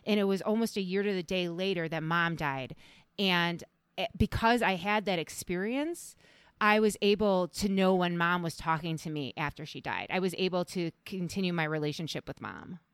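A woman's voice: lowish voice, moderate pace, smooth, no room sound. A woman co-hosting a podcast with her sister, chatting casually and acting out what people said. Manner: chatty, lively quoting of others. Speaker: podcast co-host. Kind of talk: casual chat.

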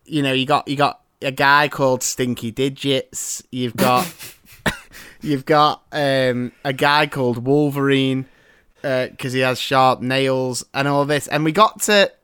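A man's voice: mid-range voice, fairly even intonation, measured pace, a bit bright, clear, resonant tone, dry recording, studio quality. A man co-hosting a podcast, a casual chat, teasing his friend and laughing often. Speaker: podcast co-host.

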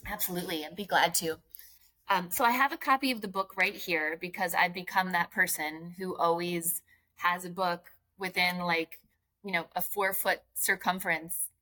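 A woman's voice: lowish voice, steady tone, normal speed, pushed and bright. A woman guest author from Philadelphia talking about resilience in casual interview chat, earnest and explaining with frequent "right?" and "like".

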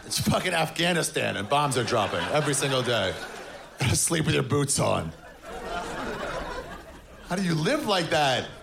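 A man doing a stand-up comedy set in front of a live audience, with a deadpan, sarcastic delivery. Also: a little high, moderate pace, vocal fry, pauses often, crowd noise, noisy background. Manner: deadpan, sarcastic, mocking voices of others.

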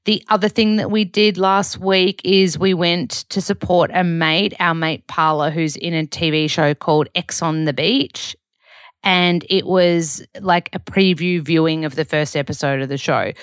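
Chatty Australian woman, low voice. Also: fairly even intonation, measured pace, clean tone, no echo, clean studio sound. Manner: chatty, rambling with self-corrections. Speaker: podcast host. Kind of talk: casual weekly diary chat.

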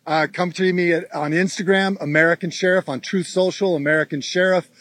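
A male guest giving out his contact details in a casual, halting way. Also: high voice, fairly even intonation, a bit bright, dry recording.

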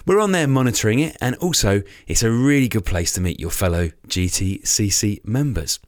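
A man's voice: fairly low pitch, expressive, brisk, no room sound, studio quality. Upbeat man hosting a podcast. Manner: upbeat, chatty, teasing. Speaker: podcast host, club chairman. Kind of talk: casual podcast chat.

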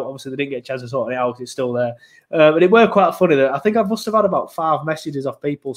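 A man's voice: a little high, fast talker. Chatty, jokey man. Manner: chatty, jokey, rambling with fillers and restarts. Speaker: podcast host. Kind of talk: casual football podcast chat.

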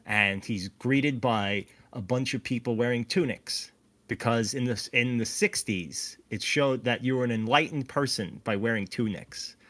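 A man hosting a podcast, recapping an episode in animated casual chat. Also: mid-range voice, unhurried. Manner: animated, recaps with acted-out quotes. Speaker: podcast host.

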